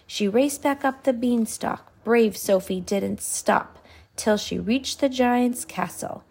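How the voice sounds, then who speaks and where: Slow, gravelly woman reading aloud. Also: on the high side. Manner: slow, soft storytelling with whispered asides. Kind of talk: reading a picture book aloud to a child.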